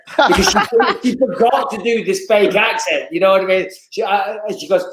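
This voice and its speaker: A man from England with a Northern English accent, telling animated stories and swearing freely as a guest in casual chat. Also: high-pitched, moderate pace, roomy sound, slight background noise, rough recording.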